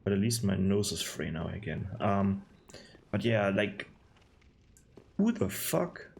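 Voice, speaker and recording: A man's voice: low-pitched, fairly even intonation, measured pace, vocal fry, slight background noise. A man giving casual, sarcastic gameplay commentary, rambling and disgusted. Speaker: gaming video host.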